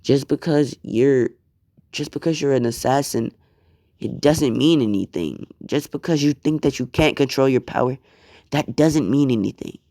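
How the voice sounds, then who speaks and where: A man's voice: mid-range voice, moderate pace, warm tone, no echo, studio quality, lightly acted. A man voicing an earnest boy who reassures his friend. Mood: encouraging.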